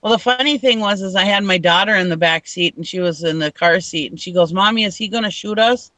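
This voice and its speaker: A woman's voice: fairly low pitch, fairly even intonation, fairly quick, pushed and bright, dry recording, poor audio. A woman from Minnesota telling a story in casual chat, laughing often and acting out what people said. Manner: chatty, laughs often, acts out quotes.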